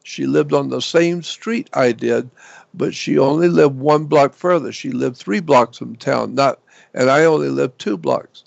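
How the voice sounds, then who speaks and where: An older man telling a personal story as an interview guest, slow and halting with frequent fillers. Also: mid-range voice, vocal fry, no echo. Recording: dull lo-fi dry recording.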